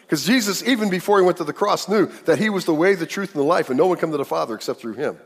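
Husky, animated preacher in a reverberant church. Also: male voice, fairly high pitch, very fast. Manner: animated preaching, acts out the people in the story. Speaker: pastor. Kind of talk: sermon. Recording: long hall reverb.

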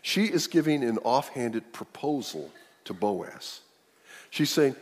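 A man's voice: mid-range voice, big pitch swings, takes it slowly. A man preaching a sermon, explaining a scripture passage in a conversational way and putting questions to his listeners. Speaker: pastor. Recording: long reverb of a large hall.

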